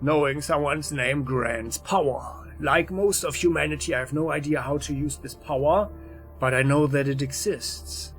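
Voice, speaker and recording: A man reading aloud as an enigmatic, athletic male stalker, musing slowly and deliberately. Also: fairly high pitch, natural voice. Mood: measured. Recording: faint game music behind.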